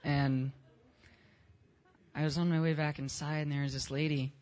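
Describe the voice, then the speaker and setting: A man's voice: fairly high pitch, little pitch movement, normal speed, a little mellow. A young man in his teens giving a casual spoken testimony at a church service, telling his story in plain, unpolished words with some slang.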